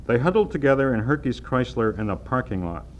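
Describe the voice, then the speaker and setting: A man narrates a novel in a measured, wry way. His voice sits at a middle pitch. A faint hiss runs under the recording. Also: very animated. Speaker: audiobook narrator. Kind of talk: reading a novel aloud.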